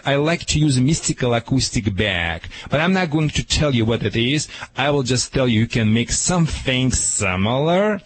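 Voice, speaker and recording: A man with a foreign accent giving dog training advice on a radio show, emphatic and demonstrative, barking out sharp commands. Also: mid-range voice, rough recording. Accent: foreign accent in English. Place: radio studio.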